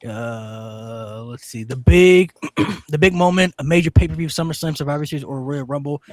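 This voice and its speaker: A man hosting a casual podcast, reading a list aloud with lots of "uh" fillers and excited outbursts. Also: fairly high pitch, moderate pace, dry recording. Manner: excitable, filler-heavy, many "uh"s. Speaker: podcast host.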